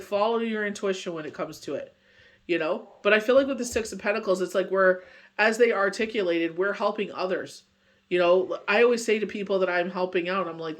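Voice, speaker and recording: This tarot reader has a high-pitched, fairly bright voice and gives a casual daily reading. He rambles earnestly, reassuring viewers with plenty of "you know" and "like."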